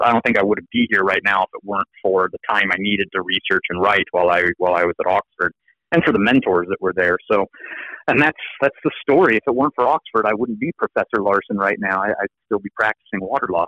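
American man, lively storyteller, muffled audio. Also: low-pitched, fast, dry recording. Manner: animated, repeats words as he restarts. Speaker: law professor, interview guest. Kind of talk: casual storytelling interview.

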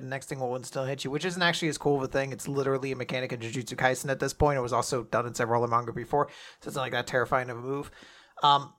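A man's voice: mid-range voice, a bit bright. A man co-hosting a casual manga review chat, rambling in a laid-back way, swearing and laughing as he talks. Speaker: podcast co-host.

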